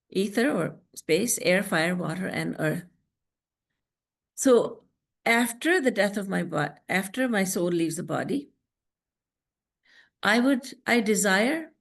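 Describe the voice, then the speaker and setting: A woman spiritual teacher giving a devotional lecture over a video call, earnest and storytelling, slowing down to recite scripture verses. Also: mid-range voice, creaky.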